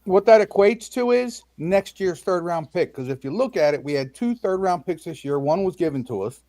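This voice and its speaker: A man on a casual sports podcast, explaining the numbers in quick remarks. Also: high-pitched, animated, dark tone, no room sound.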